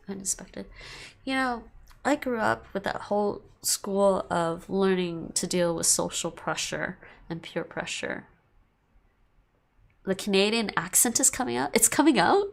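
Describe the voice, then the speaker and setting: A woman streamer chatting casually at the end of a stream, drifting and circling back on her points with frequent laughs. Her voice carries a gravelly vocal fry at mid pitch. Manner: rambling, repeats herself, laughs often.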